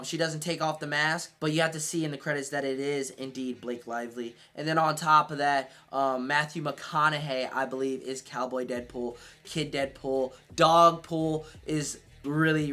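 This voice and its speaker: Excitable man reviewing a movie, bright voice. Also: fairly high pitch. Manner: excitable, swears casually.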